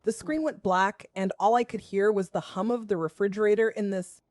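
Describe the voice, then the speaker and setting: A woman in her forties from the Southern US, a school principal telling her own story in measured, wry, confessional first-person narration. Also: medium pitch, steady tone, darkish tone, dry recording, clean studio sound.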